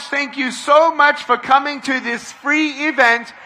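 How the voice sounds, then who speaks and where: A middle-aged man giving a motivational speech to a large crowd at an outdoor event, leading call-and-response and often shouting. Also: very high-pitched, fairly even intonation, measured pace, few pauses, a little hiss or hum. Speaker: motivational speaker.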